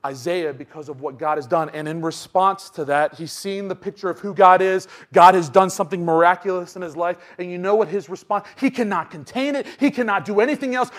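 A young man preaching a sermon, dropping to low asides and then rising to loud, emphatic scripture reading. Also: a little fast, hardly any pauses.

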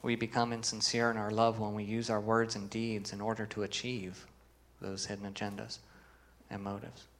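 Man, pastor, sermon, low-pitched, creaky gravel in the voice, earnest. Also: completely flat delivery, moderate pace, a bit bright. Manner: earnest, asks the congregation questions and reads scripture with emphasis.

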